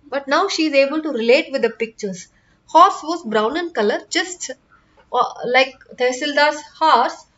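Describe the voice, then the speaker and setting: A woman's voice: sits high, fairly bright tone. Woman explaining a story line by line. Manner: reads a line, then restates it in simple words, with fillers. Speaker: teacher. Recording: dull lo-fi sound.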